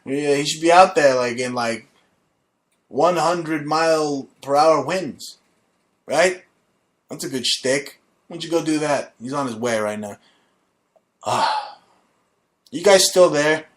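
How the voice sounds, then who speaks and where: A man's voice: fairly high pitch, slow, pauses often. A man hosting his own talk show, chatting casually in a brash, crude and mocking way. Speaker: radio show host. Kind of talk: casual crude comedy chat.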